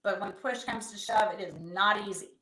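A woman's voice: mid-range voice, moderate pace. Chatty woman guest in an echoey room. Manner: lively, candid storyteller, acts out quotes. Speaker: guest, event company founder. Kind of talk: conversational interview.

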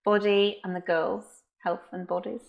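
A woman hosting a podcast, earnestly reading her intro and then chatting warmly with a friend, cheering her on and laughing often. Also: medium pitch, little pitch movement, measured pace, gravelly, muffled recording. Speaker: podcast host. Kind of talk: scripted intro, then casual chat.

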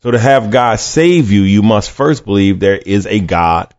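Gravelly low-voiced man preaching. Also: lively intonation, unhurried, darkish tone. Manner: conversational, repeats words, acts out quoted voices. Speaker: podcast preacher. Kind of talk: sermon teaching with scripture reading. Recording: dull lo-fi dry recording.

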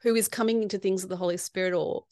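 A woman co-hosts a faith podcast, mid-pitched and measured. She gives steady affirmations and is recorded close and dry. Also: no echo. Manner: attentive listener, frequent affirmations. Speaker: podcast co-host.

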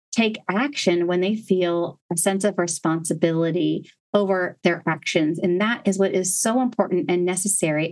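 A woman hosting a parenting podcast, explaining discipline steps in an earnest, step-by-step way with gentle emphasis. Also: medium pitch. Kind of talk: instructional podcast talk.

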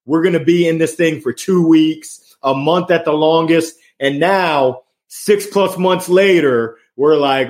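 A man talking as a guest in a casual conversation, energetic and passionate, joking and laughing, on a remote video call. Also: on the high side, measured pace, hardly any pauses.

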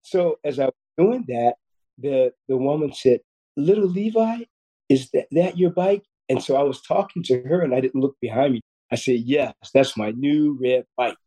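An earnest man in his fifties, speaking as a podcast guest. His voice sits at a middle pitch with a dark, mellow tone. He tells a personal story and often restarts and repeats words. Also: normal speed, breathy edge, rough recording. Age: 50s. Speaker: guest surgeon.

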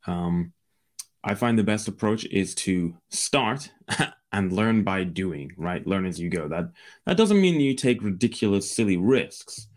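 A very deep-voiced man with a Scottish accent talks as a podcast guest. He explains his views fluently and with confidence, in an easy conversational tone. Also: animated, measured pace. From Scotland. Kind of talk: casual interview.

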